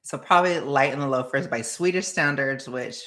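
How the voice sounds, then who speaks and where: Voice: medium pitch, normal speed, pushed and bright, soft background music. An anxious, jittery streamer chatting casually with viewers in a rambling way and laughing often. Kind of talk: casual livestream chat with viewers.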